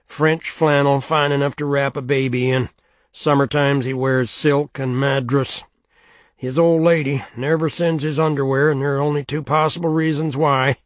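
A man's voice: mid-range voice, steady tone, moderate pace, dry recording, pitched above the performer's own voice, close to an everyday voice. A man voicing a big, heavy washerwoman who is scornful and blunt, gossiping heavily in a raised voice.

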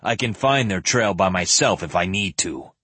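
A man's voice: sits low, lively intonation, normal speed, pushed and bright, breathy edge, dry recording, exaggerated voice. Man reading as a stern knight commander. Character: stern male knight leader, grim and determined.

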